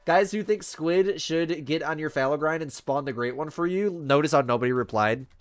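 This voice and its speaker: A man's voice: fairly high pitch, moderate pace, dry recording. A man hosting a live game stream, casually chatting with viewers and reading their messages in a chummy, laid-back way. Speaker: livestream host.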